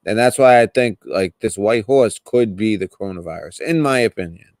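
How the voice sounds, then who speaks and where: A man's voice: on the low side, normal speed, darkish tone, dry recording, studio quality. A man with a Boston accent hosting a casual call-in chat, rambling and restarting his sentences. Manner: rambling, hesitant, many restarts. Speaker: podcast host.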